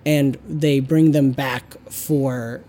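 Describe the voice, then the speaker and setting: A man running a tabletop game as game master and host, talking in a halting way with many fillers and restarts. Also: medium pitch, fairly even intonation, dark tone, a little hiss or hum.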